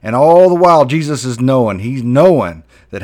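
A man's voice: mid-range voice, animated, normal speed, few pauses, a little mellow. A man preaching a Bible sermon fervently, voice rising and dropping sharply for emphasis.

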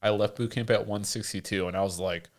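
A man's voice: on the low side, steady tone, fast. A young man co-hosting a podcast in casual, profane banter, mocking himself and laughing often. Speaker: podcast co-host.

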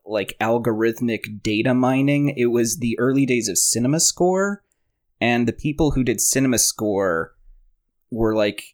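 A man hosting a casual movie podcast, sharing trivia in a relaxed, joking way. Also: mid-range voice, a little slow. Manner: relaxed, shares trivia, jokes around. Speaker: podcast host.

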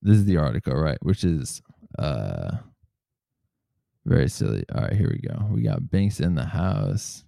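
A man hosting a casual comedy podcast, swearing freely and reading news quotes aloud in a relaxed, joking way. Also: a bass voice, measured pace, creaky, no echo, studio quality. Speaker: podcast host.

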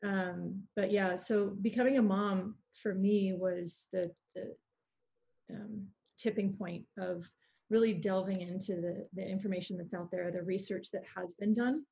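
Gravelly, mellow-voiced woman. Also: mid-range voice, fairly even intonation, dull audio. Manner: thoughtful, explaining with pauses and fillers. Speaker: guest, prenatal fitness specialist. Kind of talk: casual conversation.

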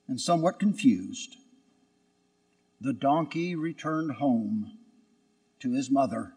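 A man's voice: medium pitch, expressive, slow, pauses often, mellow. A male priest giving a Sunday sermon, telling a story in an earnest way. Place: church at Sunday Mass. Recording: long church reverb.

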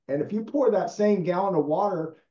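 An animated man speaks emphatically, his voice sitting a touch high. The sound is echoey and dull, as if caught in a roomy space on lo-fi gear. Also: brisk. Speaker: guest. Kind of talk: enthusiastic storytelling in conversation.

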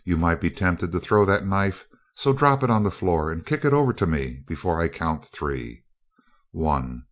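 A man voicing a calm, cool-headed young woman in an audiobook, speaking deliberately. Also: deep voice.

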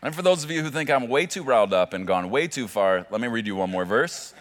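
A man's voice: mid-range voice, expressive, fast talker. A male pastor preaching a sermon with emphatic delivery and joking asides.

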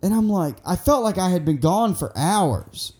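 A man's voice: sits high, moderate pace. A young man casually telling a long personal story, rambling and swearing, acting out what people said. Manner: rambling, profane, excitable, acts out quotes.

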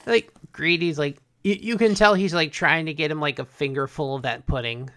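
A man's voice: fairly high pitch, moderate pace, a bit bright. A man co-hosting a casual recap chat, laid-back, swearing and acting out lines from the episode. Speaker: podcast co-host.

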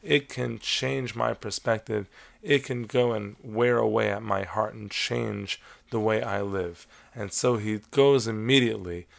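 A man giving a measured, explanatory Torah lesson, weaving Hebrew terms into his teaching. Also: fairly low pitch, gravelly. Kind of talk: lecture-style lesson on Talmud stories.

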